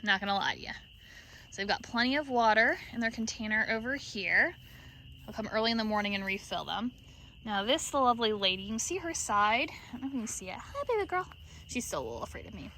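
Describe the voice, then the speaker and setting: A woman's voice: mid-range voice, lively intonation, quick pace, bright, forceful tone, slight background noise. A woman vlogging at night in her sheep pen, chatting to the camera and cooing fondly at her animals. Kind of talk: casual vlog narration.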